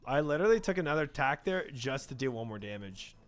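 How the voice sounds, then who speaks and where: A man's voice: mid-range voice, big pitch swings, fast talker. A man streaming a game, chatting casually with his chat and rambling, then trailing off into mumbled talk about the game. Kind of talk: casual gameplay chat reading chat.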